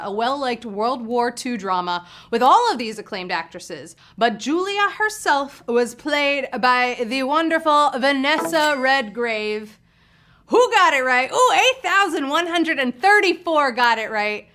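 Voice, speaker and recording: A woman's voice: a little high, a bit bright. A woman hosting a live trivia game show, reading questions with playful, teasing, chatty asides.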